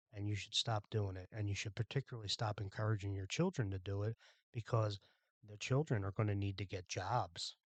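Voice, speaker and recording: Man, podcast host, from Philadelphia, low-pitched, dry sound, blunt, exasperated, profane rant. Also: no room sound.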